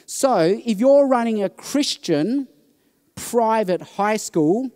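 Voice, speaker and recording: Man, high voice, lively talk to a conference crowd, acts out the voices he quotes. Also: takes it slowly. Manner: animated storytelling, acting out quoted voices. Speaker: conference speaker. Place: conference hall.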